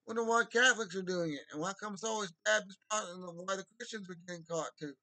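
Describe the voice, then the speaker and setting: A young man delivering a heated, rambling monologue, agitated and at times bursting into shouts. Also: high-pitched, fast talker, no echo, poor audio.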